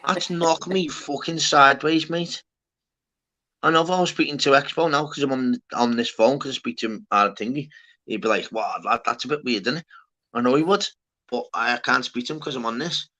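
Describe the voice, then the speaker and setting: A man's voice: medium pitch, fairly quick, bright, forceful tone. A man hosting a casual livestream chat, rambling and slangy, calling everyone "lad". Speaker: livestream host.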